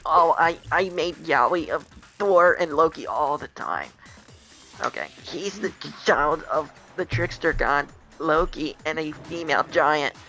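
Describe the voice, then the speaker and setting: A nervous, bookish schoolgirl writer who speaks slowly with a lively, bright voice, as a woman acts her out. She stammers and halts between phrases while reading a game aloud. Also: low-pitched, soft background music, exaggerated voice.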